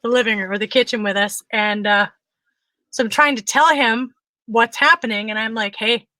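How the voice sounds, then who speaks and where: A woman co-hosting a talk show, telling a funny story in a casual, animated way and acting out what others said. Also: on the high side, moderate pace, no echo. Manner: animated, frequent laughter, acts out quotes. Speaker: podcast co-host.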